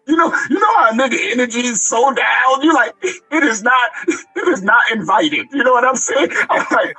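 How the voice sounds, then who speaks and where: A man, an excitable rapper telling a story in slangy street talk and acting out the dialogue. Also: very high voice, moderate pace, slightly rough, rough recording. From Long Island, New York. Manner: excitable, slangy, acts out dialogue, many restarts. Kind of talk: animated storytelling interview.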